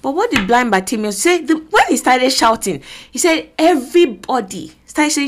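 Nigerian woman preacher, a touch high-voiced, earnest sermon delivery. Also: very animated, moderate pace, slight background noise. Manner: earnest, exhorting, acts out voices and quotes. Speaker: preacher and podcast host.

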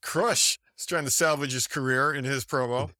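A man's voice: mid-range voice, normal speed, bright, forceful tone, no echo, studio quality. A man co-hosting a podcast, making sarcastic jokes in casual chat about old wrestling episodes. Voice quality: sarcastic, joking. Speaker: podcast co-host.

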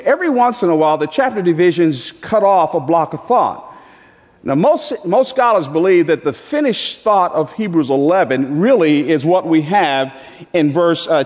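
A man preaching a sermon as pastor, with emphatic delivery that leaps into high, animated voicing. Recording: echoey hall with long reverb.

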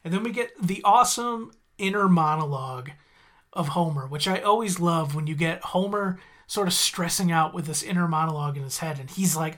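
Recapping an episode, a podcast host chats casually, wandering off on tangents and correcting himself along the way. His voice is a little high, a little fast, and a bit bright.

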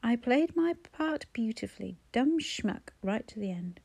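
A woman's voice: fairly high pitch, animated, unhurried, creaky, a little mellow, husky, full character voice. A bellowing, cantankerous old man, as a woman narrator puts him on. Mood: blustering. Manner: blustering, mocking. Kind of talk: audiobook character voice.

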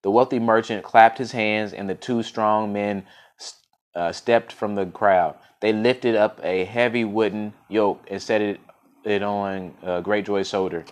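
A man's voice: fairly low pitch, fairly even intonation, measured pace. A man reading a folk tale aloud, stumbling and restarting now and then. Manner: unscripted-sounding reading with frequent restarts and fillers. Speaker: storyteller.

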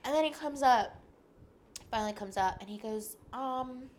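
A young woman appears as a podcast guest, telling a story animatedly in casual chat, acting out the lines of the people involved and laughing often. Her voice is medium-pitched at normal speed, with a little hiss or hum in the audio.

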